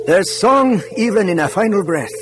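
A man voicing an older male alien elder who speaks calmly and with authority. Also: sits high, normal speed, music in the background, pitched above the performer's own voice.

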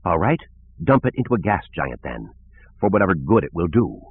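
A man voicing a combative, hawkish male senator who speaks in a forceful, challenging way. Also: low voice, very animated, brisk, husky, full character voice. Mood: insistent. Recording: tinny phone-like lo-fi audio.

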